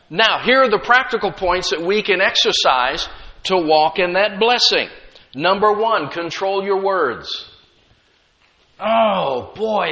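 A middle-aged man preaching a sermon with emphatic delivery, rising loud then dropping quiet, and slipping in humorous asides. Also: high voice, lo-fi sound. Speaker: pastor.

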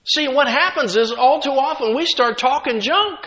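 A middle-aged man preaching a sermon with emphatic delivery, rising loud then dropping quiet, and slipping in humorous asides. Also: very high voice, expressive, moderate pace. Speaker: pastor.

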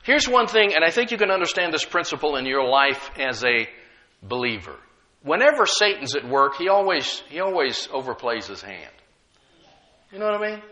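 A man preaching a sermon as pastor, moving from quiet storytelling to loud, emphatic calls and checking in with the congregation. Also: fairly high pitch, very animated, normal speed, muffled recording. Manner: talks directly to the congregation with call-and-response checks.

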